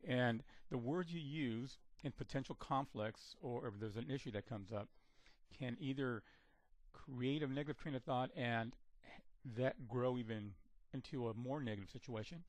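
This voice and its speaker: A man of average pitch gives an instructional talk in a measured, steady way. He often repeats and restarts words as he lays out each step. The sound is dry and close, with little room around it. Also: no echo. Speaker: communication trainer.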